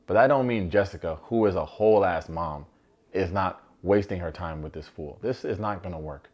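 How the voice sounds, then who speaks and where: A man recapping a reality show in a comedic commentary style, animated and slangy with joking asides. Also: low voice, moderate pace, lo-fi sound.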